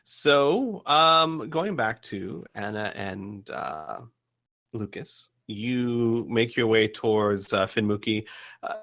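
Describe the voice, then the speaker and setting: Bright-voiced rambling male game master. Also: medium pitch. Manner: rambling, full of fillers and restarts. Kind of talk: narrating a tabletop game.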